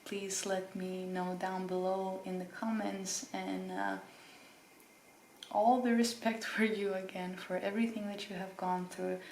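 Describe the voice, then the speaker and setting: A woman hosting a pick-a-card tarot reading, speaking gently and reassuringly to the viewer with emotion. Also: mid-range voice, level tone, a little slow, roomy sound, a little hiss or hum, low-quality recording. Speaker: tarot reader.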